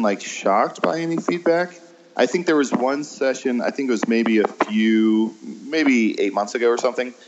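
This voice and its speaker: A man's voice: medium pitch, a little hiss or hum. A man, an improv teacher chatting as an interview guest, hesitant with many ums and laughing at himself. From American Midwest. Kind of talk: casual interview chat. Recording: dull lo-fi sound.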